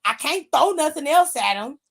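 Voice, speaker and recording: A woman with a high-pitched voice, co-hosting a live stream as casual chat. She talks in a loud, blunt, profane way and laughs a lot. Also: lively intonation, normal speed. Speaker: stream co-host.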